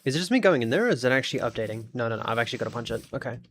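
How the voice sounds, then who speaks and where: A man's voice: medium pitch, expressive, very fast, fairly bright tone, a little hiss or hum. Chatty Australian man streaming. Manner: chatty, thinks aloud, talks to chat while fiddling with the game. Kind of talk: casual live-stream chat.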